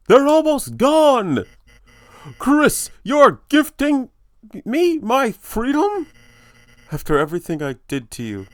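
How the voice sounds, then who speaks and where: A man voicing a scheming, grandiose male puppet salesman with pushy, excitable patter. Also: very high voice, dry recording, pitched above the performer's own voice, heavily acted.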